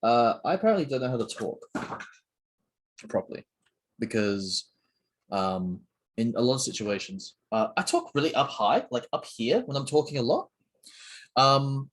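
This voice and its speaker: A man's voice: on the low side, expressive, moderate pace, husky. A young man hosting a casual solo chat while building, rambling and self-mocking with a sore throat. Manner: rambling, self-mocking, many fillers and restarts. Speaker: channel host.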